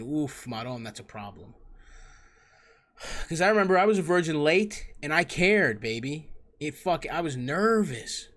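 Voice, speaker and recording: A man's voice: mid-range voice, a bit bright. A young man hosting a comedy advice show, giving crude, profane and mocking answers to callers.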